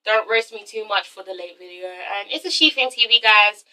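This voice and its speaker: A woman's voice: mid-range voice, expressive, moderate pace, pushed and bright, distant mic, poor audio. A young woman vlogger giving a sassy, swearing review of a reality show episode, mimicking the people in it. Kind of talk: casual ranting review.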